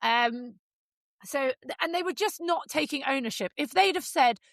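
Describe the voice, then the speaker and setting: A woman's voice: sits high, expressive, moderate pace, no echo. A woman hosting a casual podcast, telling a story with energy, acting out quoted lines and swearing freely.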